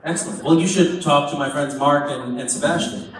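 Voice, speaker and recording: A man's voice: a little high, brisk, distant mic. A man taking fan questions at a convention panel, joking wryly and laughing often at himself. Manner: wry, self-mocking, laughs often. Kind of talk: joking, casual Q&A on stage. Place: large convention hall. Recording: echoey hall picked up from afar, background noise.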